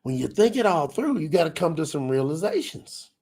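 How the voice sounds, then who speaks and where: A middle-aged man giving an emotional personal testimony in church, dropping very quiet when he quotes himself. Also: on the high side, very animated, fairly quick. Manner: emotional storyteller, drops very quiet on quoted lines.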